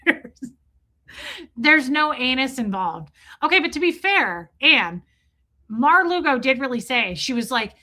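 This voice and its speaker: A woman hosting a livestream, telling a wild story to her chat in an animated way, full of "like" and swearing. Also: high-pitched, measured pace. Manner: animated, lots of "like" fillers and cursing. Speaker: livestream host. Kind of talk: casual storytelling to a live chat.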